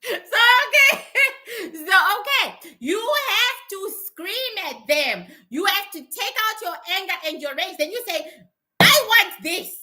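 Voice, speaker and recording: Woman, high voice, casual livestream chat, blunt, profane, laughs often. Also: animated, unhurried, pushed and bright, a little hiss or hum. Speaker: spiritual teacher.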